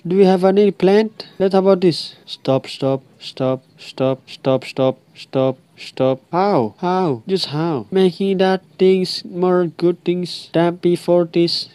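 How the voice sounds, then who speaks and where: A man's voice: high voice, slow, hardly any pauses, mellow, smooth, no room sound. Chatty young man narrating a mobile game. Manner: chatty, talks to game characters, repeats himself. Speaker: gameplay commentator. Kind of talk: casual gameplay commentary.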